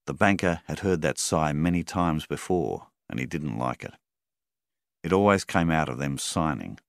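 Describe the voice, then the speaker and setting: A man narrating a story in a measured, steady reading style. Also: very deep voice, vocal fry, no room sound, studio quality. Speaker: audiobook narrator. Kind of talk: scripted narration.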